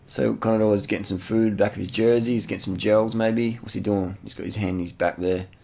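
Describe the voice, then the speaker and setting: A channel host with a very low, gravelly voice talks briskly over race footage in a loose, excited way. He repeats himself, drops in slang, and swears casually, as if chatting with a mate.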